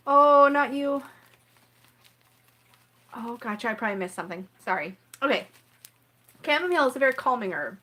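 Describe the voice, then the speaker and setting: Rambling woman live-streaming, fairly high voice. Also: bright, forceful tone. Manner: rambling and apologetic, keeps clearing her throat; chats with viewers in the live chat. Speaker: tarot reader hosting a live stream. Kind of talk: casual live-stream chat.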